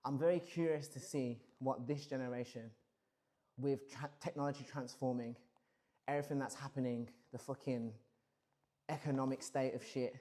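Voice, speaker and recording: A man's voice: medium pitch, fairly even intonation, normal speed, mellow. A man in his thirties musing casually and profanely on a livestream, rambling through big questions. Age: 30s. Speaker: streamer.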